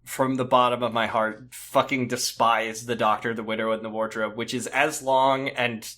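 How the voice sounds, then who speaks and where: A man co-hosting a casual podcast chat, animated and swearing, stumbling over his words when excited. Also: mid-range voice, moderate pace. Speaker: podcast co-host.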